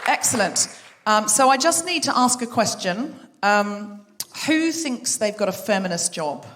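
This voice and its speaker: A woman hosting a live show on stage, bantering and asking the audience questions in a brisk, upbeat way. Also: mid-range voice, lively intonation, a bit bright, slight background noise. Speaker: podcast host. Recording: long hall reverb with audience.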